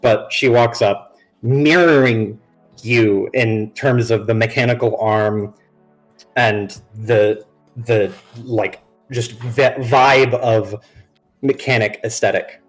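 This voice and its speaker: A man's voice: medium pitch, fairly even intonation, slow, soft background music. A man narrating a tabletop game as game master on a live stream, in a loose and rambling way with many restarts.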